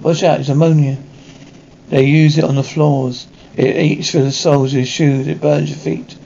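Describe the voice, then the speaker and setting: A man's voice: on the high side, little pitch movement, moderate pace, vocal fry, warm tone, a little hiss or hum. A man voicing a manic male ex-pilot locked in a psych ward, rambling and jittery, on a dull lo-fi recording. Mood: agitated.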